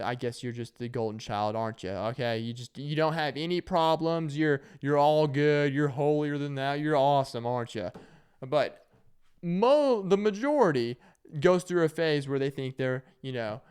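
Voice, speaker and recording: Rambling and joking through his stories, a young man who vlogs delivers a casual monologue and shouts out the quoted lines in character. He has a medium-pitched, clean-toned voice.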